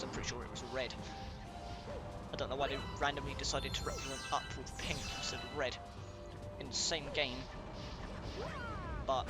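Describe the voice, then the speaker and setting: A man casually commenting on his gameplay at home on a headset, rambling and excitable, often apologizing to his viewers. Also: a little high. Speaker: let's play host. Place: room at home at a gaming chair. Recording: game music clearly behind.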